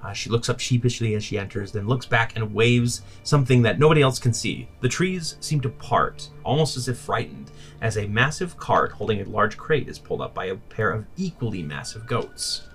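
A man narrating as game master of a tabletop game, relaxed and full of asides. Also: fairly low pitch, moderate pace, few pauses, faint music behind.

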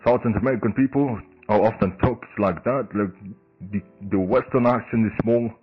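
A man hosting a casual solo podcast in English, halting, with many fillers and restarts. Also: on the low side, breathy edge, muffled recording, soft background music. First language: Indonesian. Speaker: podcast host.

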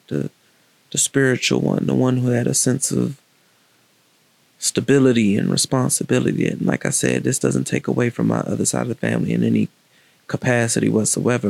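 A man telling a personal story in a candid, reflective, casual way, with halting restarts and pauses. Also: medium pitch, fairly even intonation, gravelly, darkish tone, no echo.

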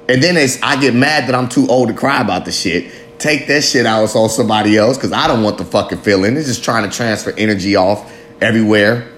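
A man's voice: medium pitch, a bit bright, slight background noise. A man in his late thirties talking candidly to the camera in a rambling, self-mocking, heavily profane confessional monologue. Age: 30s.

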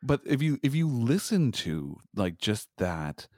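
A man co-hosting a podcast in animated casual chat, often restarting his sentences. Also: mid-range voice, a little slow, no echo, clean studio sound. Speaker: podcast co-host.

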